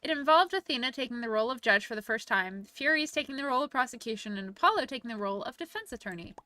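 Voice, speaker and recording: A woman streamer chatting casually and quickly, reacting to her viewers' comments. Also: on the high side, expressive, sharp tone, no room sound. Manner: chatty, rapid, reacting to chat. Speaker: livestreamer. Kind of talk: casual livestream chat.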